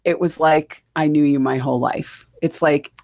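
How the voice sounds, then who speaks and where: A woman's voice: low voice, fairly even intonation, normal speed, creaky, darkish tone. A middle-aged woman with a New Jersey accent, hosting a podcast in casual, rambling chat and laughing often. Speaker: podcast host.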